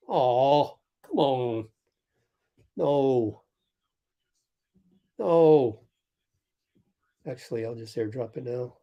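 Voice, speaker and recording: A young man hosting a casual sports livestream, thinking aloud and calling plays in quick bursts while chatting with viewers. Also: mid-range voice, animated, warm tone. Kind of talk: casual live game commentary and chat.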